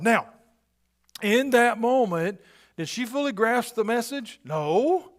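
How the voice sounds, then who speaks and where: A middle-aged man preaching a sermon as a pastor, talking conversationally with frequent tag questions and swinging between near-whispered lines and loud, emphatic bursts. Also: sits high, very animated, unhurried.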